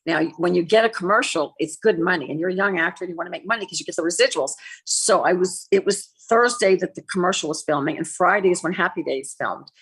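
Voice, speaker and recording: A woman's voice: lowish voice, fast talker, husky. A woman in her sixties, an actress and former TV host, telling an aggrieved personal story as an interview guest and acting out the dialogue. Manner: animated, acts out quoted dialogue; candid, aggrieved.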